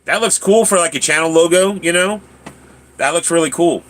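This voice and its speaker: Talking at a normal speed in a slightly high voice, this male host reads viewer comments during a casual livestream chat. His speech is full of stammers and repeated words.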